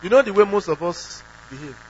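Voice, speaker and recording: Man, preacher, sermon, fairly high voice, dull lo-fi recording, faint hum. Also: lively intonation, fairly quick. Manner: emphatic, asks the congregation questions, acts out quoted prayers.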